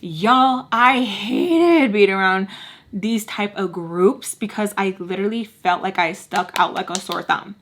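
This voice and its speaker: A woman's voice: medium pitch, a little slow, a bit bright. A woman casually telling a story to her viewers as a vlogger, with lots of filler words, acting out the people in it. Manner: chatty, heavy on filler words.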